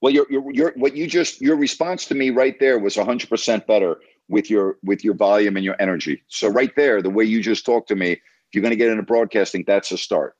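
A male sports radio host gives a caller blunt, repetitive advice in an emphatic, lecturing tone. His voice sits a bit low. The sound is dry and dull. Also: brisk, husky, no echo. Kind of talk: coaching a caller on air.

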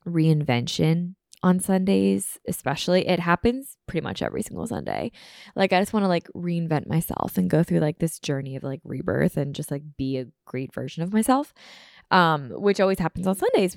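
Gravelly-voiced woman chatting on her podcast. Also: deep voice, a little mellow, no room sound, clean studio sound. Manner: chatty, full of fillers and restarts. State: keeps clearing her throat, losing her voice. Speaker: podcast host. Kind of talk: casual solo podcast chat. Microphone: studio microphone.

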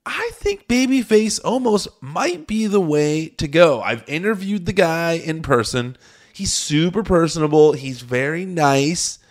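A man's voice: a little high, expressive, measured pace. A man hosting a solo podcast, giving chatty, opinionated commentary with many restarts and fillers. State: hiccups. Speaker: podcast host.

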